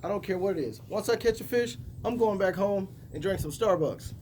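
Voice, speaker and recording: A man's voice: sits high, brisk, a little mellow, a little hiss or hum. A man, chatting to viewers in a self-mocking way while fishing by a river in a snow storm. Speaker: fishing vlogger. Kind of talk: casual outdoor vlog talk.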